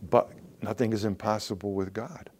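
A man preaching a sermon in an earnest way, slowing down for emphasis and dropping to soft, quiet asides. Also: on the low side, fairly even intonation. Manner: earnest, varies pace, drops to soft asides.

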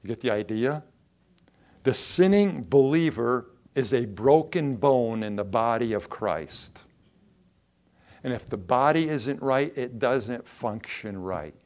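A pastor delivers a sermon in an easy, conversational manner. His voice sits at a middling pitch, and he often turns to the congregation with questions and quick acted-out lines. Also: expressive, darkish tone. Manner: conversational preaching with rhetorical questions and acted-out quotes.

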